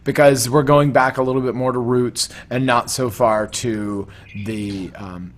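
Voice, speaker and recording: A man's voice: mid-range voice, fairly even intonation, a little slow. Rambling man with a faint hiss behind. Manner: rambling, explains at length with many restarts. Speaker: co-host. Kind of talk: casual chat.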